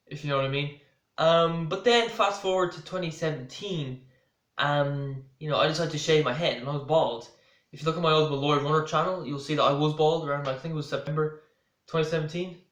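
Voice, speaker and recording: A man's voice: fairly high pitch, fairly bright tone. A man with an Irish accent telling a story to camera in a rambling way, full of restarts and asides. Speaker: vlogger. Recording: roomy echo.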